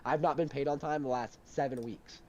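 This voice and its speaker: A young man telling a heated story in casual chat, animated and swearing a lot. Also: mid-range voice, fairly quick, muffled recording, a little hiss or hum.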